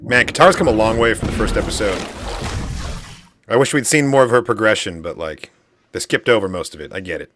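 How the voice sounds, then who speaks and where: A man giving casual reaction commentary on a show, animated, loud and joking, with some swearing. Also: on the low side, a little fast. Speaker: reaction host.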